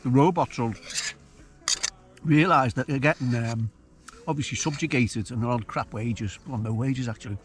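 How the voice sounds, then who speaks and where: A man's voice: mid-range voice, moderate pace. Rambling man at a camp. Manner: rambling, chatty, musing aloud. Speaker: outdoor vlogger. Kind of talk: casual solo camping vlog. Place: hilltop wild camp outdoors.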